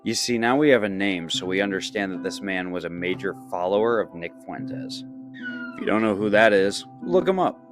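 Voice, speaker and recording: A man mocking his opponents with profane, taunting commentary. His voice sits low, and music plays clearly underneath. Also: animated, normal speed. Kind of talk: reaction commentary. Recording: voice over background music.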